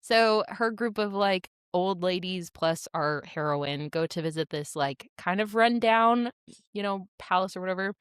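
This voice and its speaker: A woman hosting a podcast, retelling a novel's plot in casual, animated chat full of swearing. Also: on the low side, measured pace, clean tone, no echo, studio quality. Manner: animated retelling with acted quotes and frequent swearing. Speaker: podcast host.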